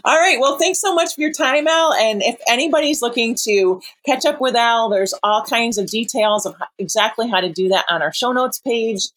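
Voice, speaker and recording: A woman's voice: a little high, normal speed, hardly any pauses, a bit bright, no echo. A woman hosting a podcast, chatting casually and encouraging her guest with plenty of fillers. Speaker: podcast host. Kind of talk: casual interview chat.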